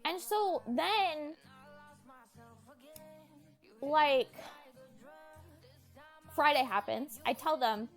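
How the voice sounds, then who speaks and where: High-voiced young woman telling a story. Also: lively intonation, very slow, long pauses, faint music behind. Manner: rambling, full of "like" and swearing. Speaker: streamer. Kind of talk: casual storytelling to stream chat.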